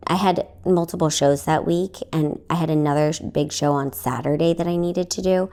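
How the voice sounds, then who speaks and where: Young woman podcaster, kinda raspy and hoarse, mellow lowish voice, rambly story with lots of laughs. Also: steady tone, moderate pace. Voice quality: slightly raspy, recovering from lost voice. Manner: chatty, rambling, laughs often, acts out voices in quotes. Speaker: podcast host and stand-up comedian. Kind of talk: casual storytelling.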